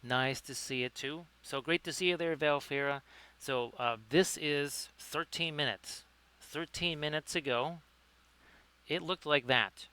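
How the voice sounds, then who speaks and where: A male host chats through a live-streamed miniature painting lesson. His voice is bright and crisp. He stays upbeat, greets viewers by name and corrects himself mid-sentence. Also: a little high, a little slow. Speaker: livestream host, painting tutor.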